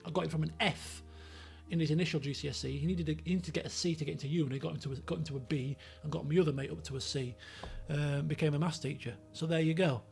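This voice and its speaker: A man's voice: on the high side, fast, gravelly, faint music behind. A man, telling rambling stories from his school days on a live stream and acting out the people in them. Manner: animated, rambling anecdotes with acted-out quotes. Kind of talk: casual storytelling on a live stream.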